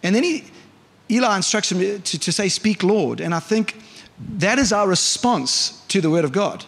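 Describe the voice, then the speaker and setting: A male pastor with a high-pitched, slightly breathy voice preaches a conversational sermon, frequently putting questions to the congregation. The church hall around him is reverberant.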